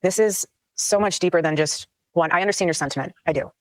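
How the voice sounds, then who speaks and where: A woman's voice: fairly low pitch, quick pace. A woman answering audience questions at a town hall in an earnest, emphatic way.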